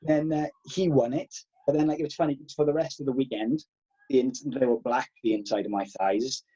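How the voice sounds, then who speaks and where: A man in his thirties, a karate instructor guest, telling animated stories and swearing freely. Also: mid-range voice, fairly quick, slightly rough, muffled recording. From Wales. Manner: animated, swears freely, acts out past exchanges. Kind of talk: casual podcast storytelling.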